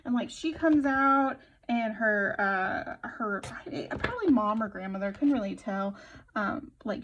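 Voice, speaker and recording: A young woman who vlogs about planners decorates hers at home while chatting casually, telling a rambling story full of fillers and self-interruptions. Her medium-pitched voice moves at a moderate pace in a low-quality recording with slight background noise.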